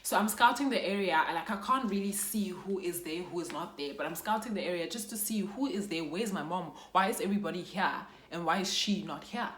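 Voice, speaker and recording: A young South African woman tells a deeply personal storytime in a lowish voice, her words heavy with feeling. She drops Xhosa phrases into her English as she talks. The room around her sounds echoey. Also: fairly quick, few pauses, fairly bright tone. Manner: emotional, mixes in Xhosa phrases. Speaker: YouTuber. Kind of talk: storytime vlog.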